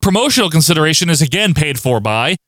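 A man co-hosting a casual podcast, recapping matches in wry deadpan play-by-play. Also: on the high side, quick pace, heavy background noise. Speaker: podcast co-host recapping wrestling. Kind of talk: casual chat.

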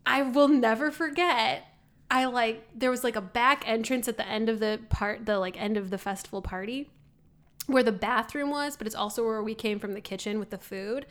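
A woman's voice: on the high side, moderate pace. A woman from the American Midwest co-hosting a podcast, chatting casually with lots of fillers and laughter. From Midwest United States. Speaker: podcast co-host. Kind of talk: casual chat.

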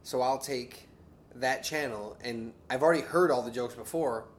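A man's voice: mid-range voice, normal speed, slight background noise. A man co-hosting a casual podcast in a garage, bantering with frequent laughs and self-deprecating jokes. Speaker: podcast co-host. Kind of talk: casual chat. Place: home garage.

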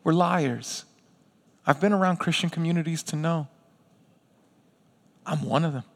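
A pastor preaching a sermon to his congregation, talking in an animated, conversational way and acting out little asides. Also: on the high side, a little slow, gravelly, in a large hall.

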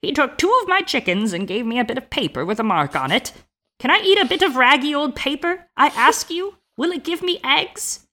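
A woman's voice: sits high, sing-song, a little fast, bright, forceful tone, voice pushed up, exaggerated voice. A woman reading aloud as a wizened old peasant woman, indignant and complaining.

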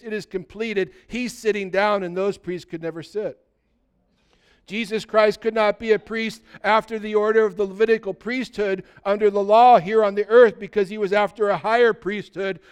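A man's voice: sits high, smooth. A male pastor delivering an earnest sermon, exhorting his congregation directly.

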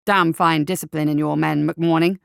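A woman voicing a pompous little bald male army captain in an audiobook, with a loud, hearty military bark. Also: deep voice, steady tone, normal speed, gravelly, clear, resonant tone, no room sound, clean studio sound. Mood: blustering.

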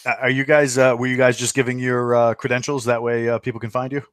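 A man's voice: mid-range voice, level tone, quick pace, dry recording, studio quality. A man hosting a podcast over a remote call, talking casually and hesitantly with lots of "uh"s. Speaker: podcast host. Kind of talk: casual chat.

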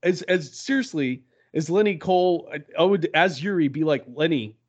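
A man's voice: on the high side, moderate pace. Laughing profane man, lo-fi sound. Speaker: podcast co-host. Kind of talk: casual film chat. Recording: dull lo-fi sound.

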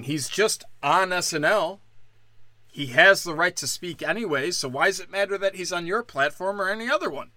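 With a high-pitched, sharp voice at a normal speed and no echo, a podcast host goes on an angry, sarcastic solo rant laced with heavy swearing.

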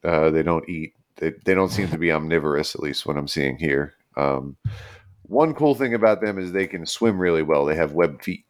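A man's voice: rumbling low, moderate pace. A man co-hosting a casual podcast, explaining animal facts in a laid-back, loose way. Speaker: podcast co-host. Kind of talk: casual chat.

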